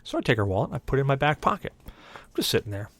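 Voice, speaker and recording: A man's voice: mid-range voice, very fast, no room sound. A young adult man, a podcast co-host, telling a long story in casual chat and acting out the other people's lines. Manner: animated, voices others in quoted dialogue.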